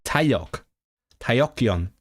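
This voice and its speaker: A man's voice: mid-range voice, lively intonation, extremely slow, slightly rough. Man sounding out words on a stream. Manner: thinks aloud, sounding out and repeating new words. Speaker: language-learning streamer. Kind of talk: casual livestream study session.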